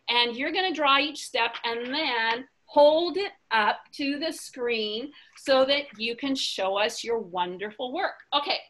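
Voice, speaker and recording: Brief: woman teacher, kids' drawing lesson, slow and bright-voiced, encouraging. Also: on the high side. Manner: encouraging, slow and sing-song, praises often. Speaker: educator.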